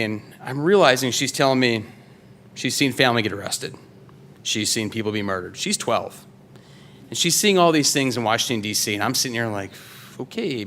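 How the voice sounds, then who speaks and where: This thirty-something man from Wisconsin shares a true story in the first person before a live story-slam audience, speaking loosely and casually with frequent fillers and restarts. His medium-pitched voice is a bit bright, with slight background noise.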